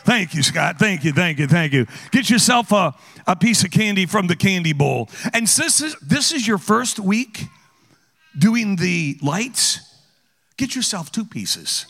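Guy guest preacher in a church, high bright voice all over the place, joking around with the crowd. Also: a little slow, big-room sound. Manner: animated, teasing, calls out to the audience. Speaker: guest speaker. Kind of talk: playful sermon with audience interaction. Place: church auditorium.

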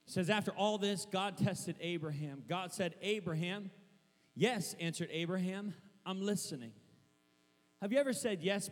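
A young adult man with a high voice preaches to a room, his storytelling animated, swinging between loud bursts and quiet, earnest passages. The sound rings in a big hall with a long reverb tail, and a low mains hum sits underneath. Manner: animated storytelling, shouting and laughing. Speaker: pastor. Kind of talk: sermon.

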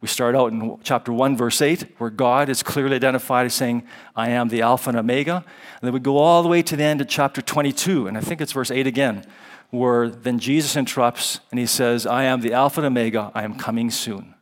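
A man's voice: medium pitch, fairly even intonation, brisk. A man giving a chapel sermon, praying and then teaching from the Bible in a conversational way, with ums and chuckles as he explains Hebrew and Greek words. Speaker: guest chapel speaker. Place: college chapel.

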